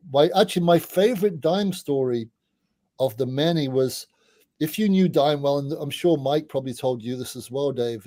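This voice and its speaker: A middle-aged man appears as a podcast guest, chatting his way through anecdotes, frequently restarting sentences and tossing in quick asides. His voice sits in the mid range with a dark tone, and there's no echo.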